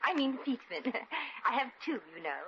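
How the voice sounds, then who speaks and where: A woman's voice: high voice, big pitch swings, normal speed, pushed and bright, full character voice. An actress voicing a brassy American showgirl who puts on fake upper-class airs and keeps slipping, in 1950s radio comedy acting on a muffled old broadcast. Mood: haughty. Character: brassy American showgirl posing as a posh lady.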